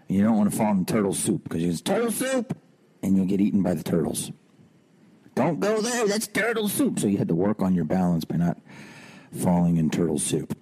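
A man in his thirties hosting a podcast, telling personal stories in an animated way, swearing freely and climbing high on rhetorical questions. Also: breathy edge. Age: 30s. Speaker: podcast host. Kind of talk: personal storytelling monologue.

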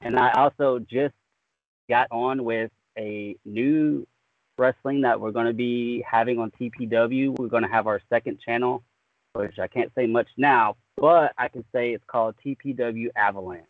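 A man's voice: medium pitch, fairly even intonation, moderate pace, no room sound. A laid-back man with a Southern drawl who rambles in a friendly way through an interview. His voice sits mid-range and comes through dry and thin, as though carried over a phone line. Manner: easygoing, rambling, says "man" a lot. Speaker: guest. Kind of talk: casual podcast interview. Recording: tinny phone-like remote line.

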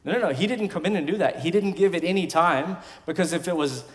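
A man in his thirties, a pastor, preaching a sermon in emphatic bursts with quiet asides between. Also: high voice, fast. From West Texas. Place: large church sanctuary. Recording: long hall reverb from a church sanctuary.

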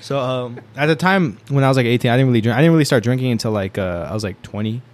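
A young man spins a rambling story at a quick clip, full of filler words and laughter. His pitch sits in an ordinary middle range for a man. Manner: laughs often while telling. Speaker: storyteller guest. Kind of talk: casual storytelling chat.

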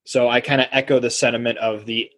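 A man's voice: medium pitch, fast. A man co-hosting a podcast, talking sports casually and animatedly, acting out quotes. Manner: animated, acts out quotes in voices. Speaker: podcast co-host.

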